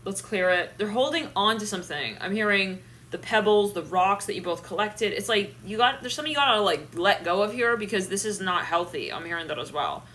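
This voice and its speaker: A young woman giving a live tarot reading, animated and thinking aloud, with bursts of laughter and swearing. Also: mid-range voice, brisk, few pauses, a little hiss or hum. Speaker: tarot reader.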